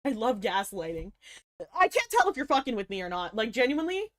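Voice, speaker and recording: A woman's voice: on the high side, big pitch swings, fairly quick. A young woman livestreamer chatting casually with her viewers, swearing freely, laughing often and playing up mock outrage. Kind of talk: casual stream chat.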